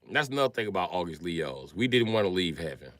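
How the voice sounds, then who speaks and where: A man doing a profane comedic rant on a livestream, jumping between loud shouted bits and low mumbled asides. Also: big pitch swings, quick pace, no echo. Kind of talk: comedic rant with acted-out voices.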